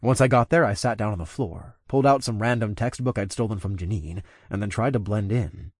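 A man giving steady, conversational first-person audiobook narration. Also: on the low side, fairly quick, dry recording, studio quality.

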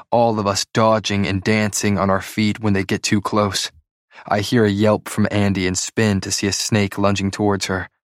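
A man narrating a story in the first person, in a measured, even reading. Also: on the low side, dry recording, studio quality. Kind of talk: audiobook narration.

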